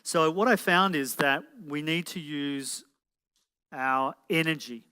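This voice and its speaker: Taking it slowly, this man speaks a little high, his voice pushed, bright and clean. He is a motivational speaker delivering a live talk to an event hall audience, studded with rhetorical questions, in reverberant acoustics.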